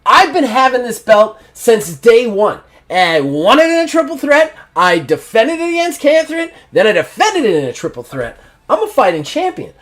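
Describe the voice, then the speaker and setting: A man puts on a swaggering young wrestling champ who brags loudly and pushes his voice high when he boasts. The pitch leaps around, full of self-important bluster. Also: very animated, moderate pace. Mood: boastful. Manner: boastful, brash, loud. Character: cocky arrogant male wrestling champion, young adult.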